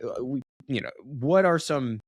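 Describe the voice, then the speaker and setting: This is a man in his thirties co-hosting a casual podcast with friends over a remote call. He rambles through his points with plenty of fillers and breaks into laughter often. His voice sits at an ordinary pitch and the recording is dry, with no room around it. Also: animated, measured pace, slightly rough, no room sound. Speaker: podcast co-host. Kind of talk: casual chat. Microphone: remote call over home internet.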